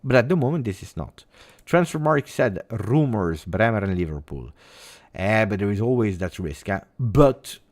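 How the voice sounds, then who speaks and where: A man with an Italian accent who hosts a football channel, chatting casually and rambling expressively on a live stream with lots of fillers. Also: fairly low pitch.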